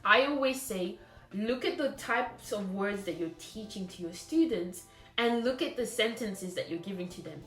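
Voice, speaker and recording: A woman's voice: mid-range voice, animated, normal speed, fairly bright tone, reverberant, faint music behind. A woman teacher trainer giving a recorded lecture, explaining patiently and thinking aloud with fillers and restarts. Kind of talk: recorded lecture on lesson scripts.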